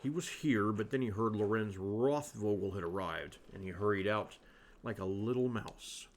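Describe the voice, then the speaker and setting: A man voicing a stern, grumbling old monk in a slow, put-on older voice. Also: fairly low pitch, close to an everyday voice.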